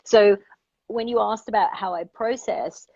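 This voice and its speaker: A woman's voice: medium pitch, a little slow, dark tone, no room sound, dull audio. A woman life coach speaking as a guest in an interview, earnest and reflective, thinking aloud and checking that the listener follows her.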